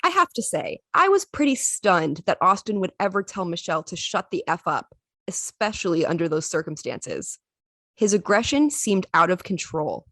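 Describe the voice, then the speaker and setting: A woman hosting a podcast, narrating in a measured, reflective way between interview clips. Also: fairly low pitch, big pitch swings, a bit bright, dry recording. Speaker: podcast host.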